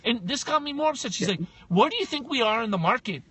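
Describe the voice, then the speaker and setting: A man co-hosting a casual podcast, telling a story with lots of energy, acting out both sides of the talk and sometimes breaking into shouts. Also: very high voice, lively intonation, quick pace, breathy edge, no room sound. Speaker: podcast co-host.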